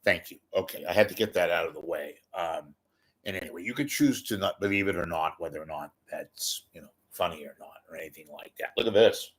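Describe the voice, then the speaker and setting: A man talks straight into his webcam, hosting a loose, rambling livestream. His voice is on the low side, and he mocks himself and trips over repeated words as he goes. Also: brisk, fairly bright tone, husky. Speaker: livestream host. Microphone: webcam close to face.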